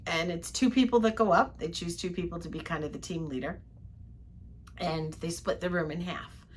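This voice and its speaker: A woman's voice: fairly low pitch, moderate pace, slight background noise. An older woman co-hosting a travel vlog, chatting in detail about her day from a ship cabin. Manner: chatty, detailed storytelling with frequent laughs. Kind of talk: casual recap chat.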